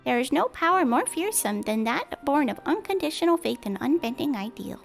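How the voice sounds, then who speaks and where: A woman's voice: high voice, sing-song, brisk, gravelly, soft background music, pitched above the performer's own voice, exaggerated voice. A woman reading the lines of an aloof, secretive masked young man in a grave, formal, old-fashioned way. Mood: solemn.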